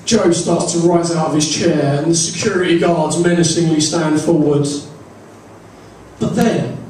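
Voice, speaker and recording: Slow, deliberate stand-up comedian. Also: male voice, on the high side, darkish tone, a little hiss or hum. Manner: dry, deliberate storytelling with crude punchlines. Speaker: comedian and compere. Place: comedy club stage. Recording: echoey club from far off.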